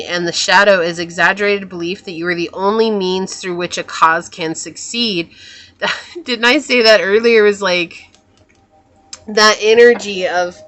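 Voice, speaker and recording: A woman giving a pick-a-card tarot reading in a musing, soft-spoken way, often trailing off and correcting herself. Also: mid-range voice. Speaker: tarot reader.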